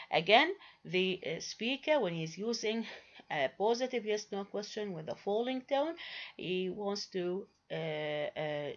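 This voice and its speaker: A woman giving a grammar lecture, hesitant, with many fillers and restarts, quizzing her listeners with rhetorical questions. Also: lowish voice. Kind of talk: recorded lecture. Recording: dull lo-fi recording.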